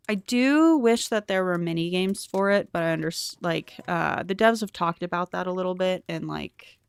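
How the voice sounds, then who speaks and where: A woman's voice: lowish voice, clear, resonant tone, no echo. A young woman streaming a cozy game, chatting with viewers and thinking aloud in a curious, talkative way. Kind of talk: casual gameplay commentary.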